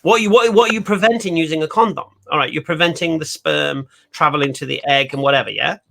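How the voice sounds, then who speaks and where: A man's voice: fairly high pitch, quick pace, vocal fry, sharp tone. A man hosting a casual conversation, chatty and repetitive, laughing often. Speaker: host.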